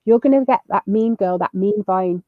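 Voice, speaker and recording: A woman of medium pitch and moderate pace chats as a video call guest, offering cheerful parenting advice loaded with fillers and restarts. The lo-fi recording has no echo but sounds slightly muffled.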